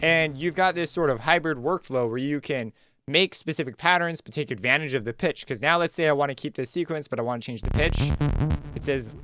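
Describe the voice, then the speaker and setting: A man hosting a music production tutorial, talking casually and thinking aloud as he walks through a software workflow. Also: a little high, a little fast, clear, resonant tone. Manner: relaxed, conversational, thinks aloud while clicking. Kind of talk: screen-recorded software tutorial.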